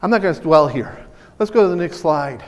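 A high-pitched male pastor delivers a lively sermon in a church sanctuary. He talks with excitable energy and often restarts his sentences. A long hall reverb trails after his voice. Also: fairly quick. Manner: animated, excitable preaching with many restarts.

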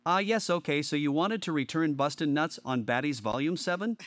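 A man's voice: on the high side, expressive, moderate pace, dry recording, clean studio sound, close to an everyday voice. A synthetic man as a chummy video store clerk. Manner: friendly, crude joking.

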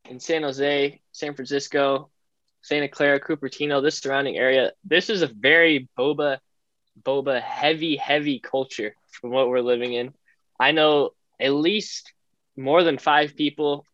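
Young cali dude on a podcast, weighs things out kinda formally, muffled mic. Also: male voice, mid-range voice, a bit bright, no echo. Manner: measured, mock-formal reasoning. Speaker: podcast co-host. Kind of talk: casual chat. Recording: dull lo-fi mic.

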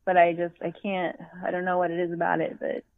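A woman chatting casually as a podcast co-host, an animated storyteller who acts out her own reactions. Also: lowish voice, quick pace, vocal fry. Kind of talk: casual fan chat. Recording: tinny phone-like line, dry.

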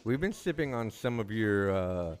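A man's voice: lowish voice, animated, normal speed, soft background music. A man hosting a podcast in a studio, upbeat and teasing in casual chat. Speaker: podcast host.

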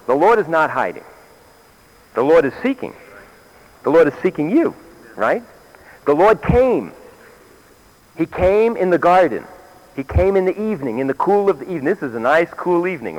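A man's voice: on the high side, dull audio. An older man, a grandfather, preaching a sermon in a meeting hall, questioning his listeners and repeating key phrases.

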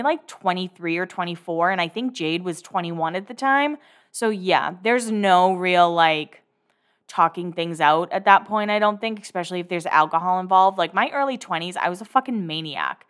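A woman hosting a casual podcast, recapping a show in a rambling, chatty way with sarcastic asides and quick self-corrections. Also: fairly low pitch, expressive, fairly bright tone.

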